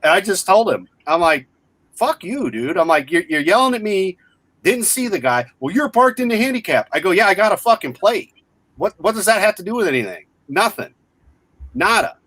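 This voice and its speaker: A man's voice: high-pitched, fairly quick, dry recording. A man in his forties telling a story in casual chat, blunt and full of swearing. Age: 40s. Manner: profane, blunt, animated retelling.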